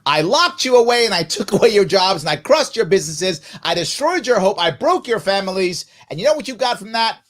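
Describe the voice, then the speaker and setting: A self-important tyrant-king brags about his own generosity in a sarcastic, mock-grand tone, as a man puts him on. The voice sits a little lower than the performer's usual and swings in pitch with lively energy. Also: a little fast, hardly any pauses. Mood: mock-grandiose. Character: mocking tyrant-king politician, boastful.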